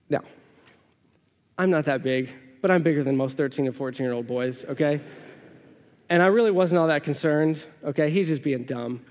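A man's voice: fairly high pitch, a little mellow. A man in his thirties preaching a sermon, conversational and storytelling, often asking the congregation questions. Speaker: pastor. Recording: long hall reverb.

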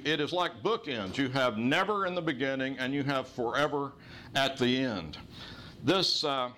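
A man's voice: medium pitch, animated, pushed and bright. Man teaching a Bible lesson. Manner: measured, explanatory teaching. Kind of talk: Bible study lecture.

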